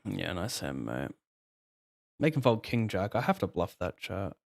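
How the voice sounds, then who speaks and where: A man's voice: deep voice, sing-song, a little slow, vocal fry, a little hiss or hum. A young man streaming poker, chatting casually, swearing and joking at his own expense. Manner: swearing, joking, self-mocking. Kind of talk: casual live-stream commentary.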